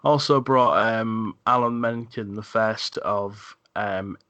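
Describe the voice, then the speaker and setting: Low-voiced man, bright dry sound. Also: slow, no room sound, muffled recording. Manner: thoughtful, hesitant with frequent ums and restarts. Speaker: podcast co-host. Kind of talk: casual film podcast chat.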